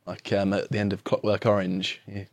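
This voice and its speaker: A man in a casual podcast chat, speaking in an unhurried, halting way. His voice is low, and the sound is dry with no room echo. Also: monotone, creaky, darkish tone.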